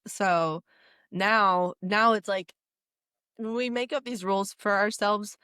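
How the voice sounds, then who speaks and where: A woman's voice: medium pitch, moderate pace, fairly bright tone, clean tone, no room sound, clean studio sound. A woman co-hosting a podcast in casual, enthusiastic chat, with lots of filler words. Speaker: podcast co-host.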